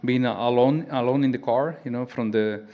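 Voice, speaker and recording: A man's voice: medium pitch, highs cut off. Reflective Spanish-accented male racing driver. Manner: halting, reflective, with frequent restarts. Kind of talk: press conference answer. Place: press conference room.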